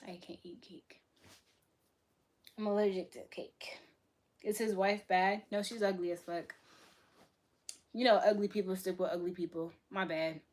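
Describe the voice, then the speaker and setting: A young woman from Boston chatting casually on a livestream, answering her chat in a blunt, profane way that swings between loud bursts and soft asides. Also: mid-range voice, fairly even intonation, moderate pace. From Boston, USA. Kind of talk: casual live-stream chat.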